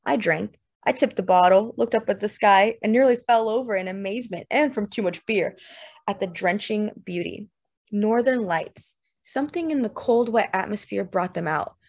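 A woman narrating a literary novel in the first person, measured and lyrical. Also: medium pitch. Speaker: audiobook narrator. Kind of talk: literary fiction reading.

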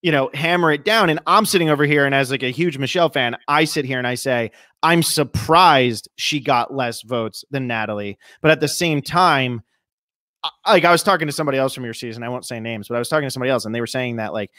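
A woman's voice: very deep voice, fast, fairly bright tone, dry recording, studio quality. A woman hosting a podcast, chatting casually and rambling with many fillers. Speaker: podcast host. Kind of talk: casual chat.

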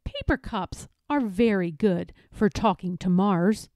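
A woman reading a children's picture book aloud in a playful, expressive, emphatic way. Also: medium pitch, measured pace, no echo. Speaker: read-aloud narrator.

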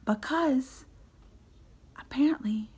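A woman vlogger with a high-pitched voice tells a story in a loose, animated reaction style. She keeps switching between loud, excited outbursts and hushed, whispered asides, and she acts out her own lines as she goes. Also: slow pace, breathy edge.

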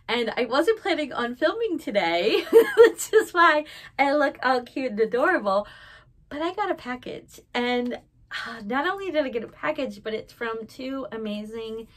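A woman's voice: on the high side, sing-song, normal speed, fairly bright tone. A young woman vlogging at home, unboxing a package on camera in a gushing, emotional way. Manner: gushing, emotional, tearful with laughter. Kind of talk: casual unboxing vlog.

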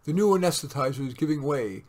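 Storybook intern, young and panicky, raised and loud, as a man voices him. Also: on the high side, lively intonation, fast talker, natural voice. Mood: alarmed. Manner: alarmed, shouting.

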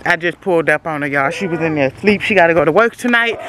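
A woman's voice: low voice, animated, quick pace, crowd noise. Chatty Southern woman vlogging from Louisiana. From Louisiana, USA. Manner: chatty, emotional, keeps calling viewers "y'all". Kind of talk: casual vlog chat to viewers. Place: outdoors at a rural family property. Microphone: handheld phone camera.

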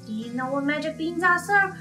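A woman's voice: sits high, lively intonation, fairly quick, reverberant, distant mic, music in the background. Woman putting on a shifty plant-creature mob boss. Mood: salesy. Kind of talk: let's play voice acting of game text.

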